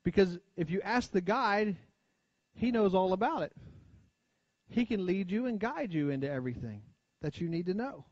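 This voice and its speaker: An American man preaching a sermon, talking plainly to his congregation, asking for amens and dropping his voice low and quiet to stress key points. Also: expressive, normal speed, dry recording. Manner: conversational preaching, frequent call-and-response asides. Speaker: pastor. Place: church sanctuary. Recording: dull lo-fi church recording.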